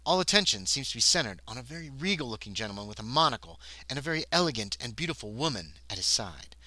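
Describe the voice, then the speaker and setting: A man's voice: medium pitch, sing-song, fast, sharp tone, no room sound, poor audio. A man playing a solo tabletop horror scenario on a livestream, reading the text aloud and breaking off into muttered asides. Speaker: solo tabletop game player and narrator.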